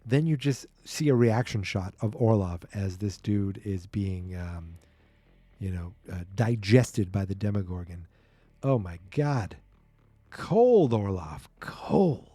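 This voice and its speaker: Chatty podcast guy reading thru a comic, reacting a lot, very soft dark tone, dry mic. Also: low-pitched, measured pace, no echo. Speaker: podcast host. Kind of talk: casual comic-book recap.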